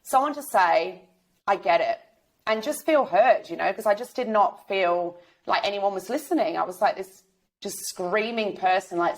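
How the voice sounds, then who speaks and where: A woman's voice: medium pitch, normal speed. A woman, talking openly as a podcast guest, rambling with many restarts and fillers. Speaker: guest sharing lived experience. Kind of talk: candid podcast interview.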